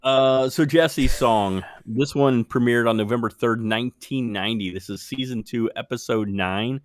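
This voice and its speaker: A man's voice: medium pitch, normal speed, no echo, studio quality. A man co-hosting a podcast, rambling in casual chat, swearing freely and laughing often. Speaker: podcast co-host.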